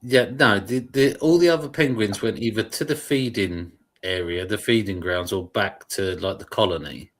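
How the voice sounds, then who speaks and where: Guy with a lowish voice chatting on a stream, rambles, trips over his words. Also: normal speed, hardly any pauses. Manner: rambling, restarts while searching for words. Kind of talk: casual chat.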